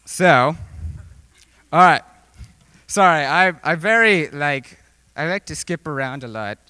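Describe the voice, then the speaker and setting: A man's voice: on the high side, lively intonation, slow pace, pushed and bright, clear, resonant tone, no room sound. A young man preaching a casual, joking sermon, rambling with lots of fillers. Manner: rambling, filler-heavy, jokey. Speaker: youth preacher.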